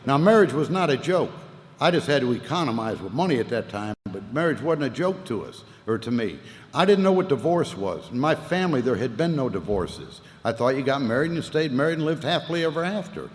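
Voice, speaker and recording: A man's voice: mid-range voice, animated, fairly quick. A man giving a personal testimony talk at a recovery meeting, telling his story with earnest feeling and casual Southern speech that swells and sinks. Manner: casual Southern speech, 'ain't' and 'wasn't no'. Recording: reverberant hall, faint ambient noise.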